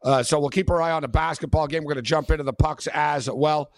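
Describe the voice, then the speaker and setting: A man's voice: fairly high pitch, fairly even intonation, quick pace, dry recording, studio quality. Rambling male sports radio host. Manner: rambling, many fillers. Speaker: sports betting show host. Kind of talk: casual sports talk.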